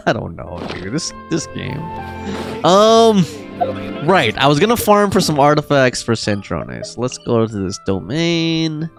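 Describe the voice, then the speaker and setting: A man chats his way through a game stream, rambling and thinking aloud. His voice sits a touch high and swings widely in pitch, with faint game music under it. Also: huge pitch swings, slow pace, creaky. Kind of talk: casual gameplay chat.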